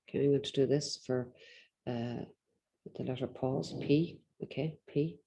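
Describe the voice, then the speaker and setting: A woman teaching an exam-prep lesson in a relaxed, darker-toned voice. She is instructive, fills gaps with ums, and stretches out pauses to show how to pace speech. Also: extremely low pitch, husky. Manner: instructive, deliberately slows and pauses to demonstrate, frequent ums. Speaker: English exam tutor.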